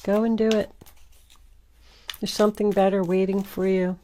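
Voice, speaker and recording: A woman's voice: medium pitch, level tone, normal speed, warm tone, slight background noise. A woman giving a casual tarot reading straight to the viewer, emphatic and repetitive as she talks. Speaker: tarot reader.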